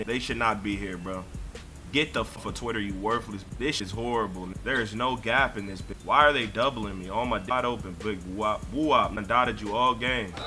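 A young man giving profane, excitable live commentary while playing a video game, ranting and breaking into sudden shouts. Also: medium pitch. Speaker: gaming streamer.

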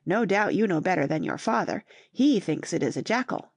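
A bold, cocky eldest son with a mocking, teasing tone, as a woman narrator puts him on. The voice has a raspy edge and sounds dry and close. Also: fairly low pitch, animated, normal speed, no echo.

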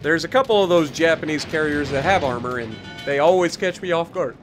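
A man's voice: a little high, animated, fairly quick, faint music behind. A tired man in casual gameplay commentary, explaining his moves and joking about his mistakes as he plays. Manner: casual, self-deprecating, explanatory. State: tired, yawning. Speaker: gaming YouTuber.

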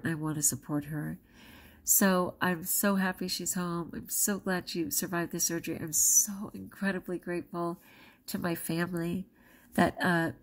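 A woman who is a schoolteacher and vlogger recounts a personal story while out of breath, full of expression and leaping widely in pitch as she dramatizes quotes.

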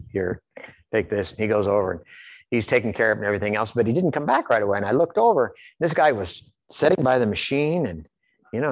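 A man from Iowa preaches in a church, spinning folksy personal stories. His pitch swings widely as he tells them. The sound is dry and close. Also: no echo. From Iowa, USA. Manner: folksy storytelling, animated, repeats words. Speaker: pastor. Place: church sanctuary.

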